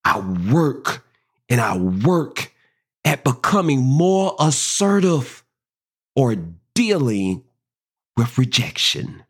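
A podcast host slowly reading self-affirmations and repeating key phrases. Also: medium pitch, big pitch swings, husky.

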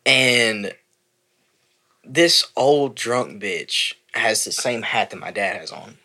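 A man's voice: on the low side, lively intonation, takes it slowly, vocal fry, pushed and bright. A man on a podcast, chatting casually and making crude, blunt jokes. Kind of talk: casual chat.

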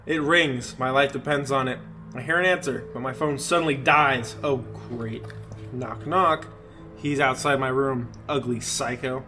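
A man's voice: mid-range voice, steady tone, a little slow, bright, forceful tone. Guy reading a spooky story on a podcast, keeps cracking up, faint music behind. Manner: laughs through the reading, breaks off to joke. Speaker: podcast co-host. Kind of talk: reading a creepy story aloud with jokes.

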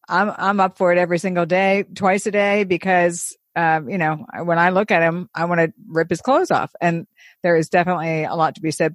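A woman's voice: lowish voice, no room sound, studio quality. A woman hosting a casual chat, blunt and questioning. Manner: blunt, asks questions, laughs often.

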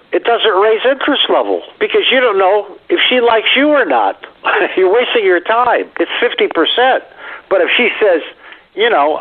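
A man's voice: high voice, sing-song, moderate pace. A man giving blunt dating advice on the radio, wisecracking and acting out bits of dialogue. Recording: tinny phone line.

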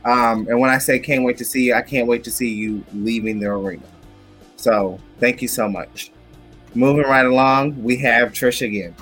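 A man's voice: mid-range voice, moderate pace, a bit bright, faint music behind. A man co-hosting a casual chat show, talking with sassy, dramatic asides. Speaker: podcast co-host.

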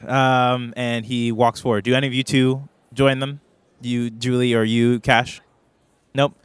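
A man running a tabletop role-playing game as game master, narrating in a hesitant way with many pauses and restarts. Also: mid-range voice, little pitch movement, smooth, no echo.

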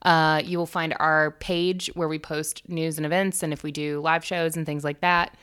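A young American woman with a low voice and a bright, forceful edge, co-hosting a podcast. She talks loosely and casually, jokes crudely and swears freely. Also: little pitch movement, moderate pace, clean tone. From United States. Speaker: podcast co-host. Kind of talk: casual chat.

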